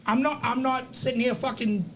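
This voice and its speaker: A man's voice: extremely high pitch, steady tone, a little fast, fairly bright tone, slight background noise. A man co-hosting a podcast, ranting heatedly and profanely and saying "dude" a lot. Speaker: podcast co-host. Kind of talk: casual chat.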